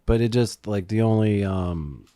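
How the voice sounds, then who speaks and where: A man's voice: fairly low pitch, unhurried, warm tone, dry recording, clean studio sound. A man hosting a podcast in casual chat, reacting with amused disgust and asking follow-up questions. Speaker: podcast host.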